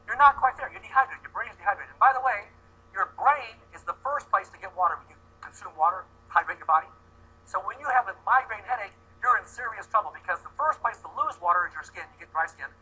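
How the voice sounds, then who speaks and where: A man giving an animated, joking sales presentation to a live audience, putting questions to them. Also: high voice, breathy edge, low-quality recording. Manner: animated and joking, acts out quick voices.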